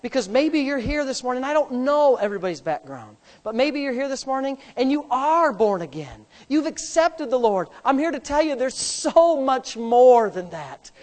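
A woman preaching a sermon, emphatic, swinging between loud declarations and hushed asides. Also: high-pitched, big pitch swings, moderate pace, hardly any pauses. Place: church. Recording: long hall reverb.

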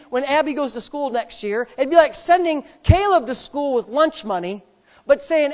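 A woman preaching a sermon, emphatic, swinging between loud declarations and hushed asides. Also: high voice, lively intonation, moderate pace. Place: church. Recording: long hall reverb.

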